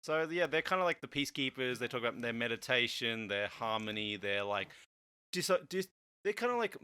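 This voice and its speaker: A man's voice: medium pitch, expressive, a little fast, sharp tone, clear, resonant tone. Man rambling through a casual podcast chat. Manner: rambling, laughs often, many restarts. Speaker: podcast host.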